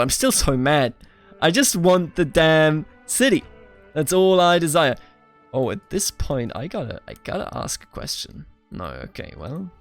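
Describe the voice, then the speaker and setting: A young man giving casual, playful gameplay commentary as the host, chatting back at the characters on screen. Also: mid-range voice. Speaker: let's play host.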